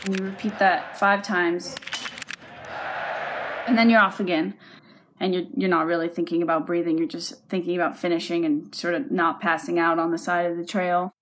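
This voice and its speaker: A woman's voice: lowish voice, little pitch movement, moderate pace, a little hiss or hum. A woman athlete describing her shooting and breathing rhythm in a vivid, reflective interview. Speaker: biathlete.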